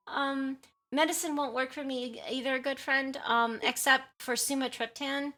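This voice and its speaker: A bright-voiced woman from the US West Coast streams a game and chats loosely with her viewers. She giggles often and reads their messages aloud as she goes. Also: high voice, fairly even intonation, moderate pace, faint music behind. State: has a headache. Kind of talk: casual livestream chat.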